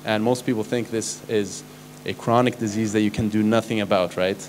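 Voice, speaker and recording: A man's voice: fairly low pitch, steady tone, moderate pace, a little mellow, a little hiss or hum. A man, a doctor, giving a lecture to a live audience in a conversational way, often tossing questions and "right?" at listeners. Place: conference hall stage.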